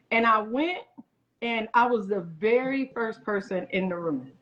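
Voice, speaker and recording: A woman's voice: a little high, a little slow, a bit bright. A woman in her forties, a guest chef, telling a story in a casual interview and acting out other people's lines in quoted voices. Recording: muffled lo-fi audio.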